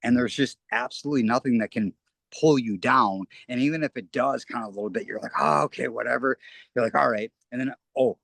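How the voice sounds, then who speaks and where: Man, interview guest, gravelly voice, dry close sound, earnest, rambling. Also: mid-range voice, quick pace, fairly bright tone, no room sound. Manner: rambling, earnest, repeats and restarts phrases. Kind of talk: casual spoken interview.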